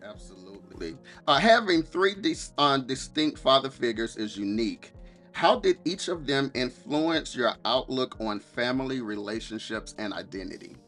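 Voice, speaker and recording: A man's voice: mid-range voice, lively intonation, moderate pace, fairly bright tone, soft background music. A man hosting a podcast interview, asking questions and often affirming his guest. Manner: affirming, frequent backchannel. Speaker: podcast host. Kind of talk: conversational interview.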